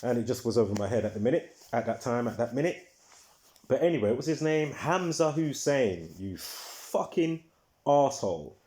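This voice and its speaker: Talking fast in a mellow, mid-range voice, the man runs his own video as a rambling, casual monologue. He repeats things, fills gaps with filler words, starts over often, and lets swear words slip when he's heated.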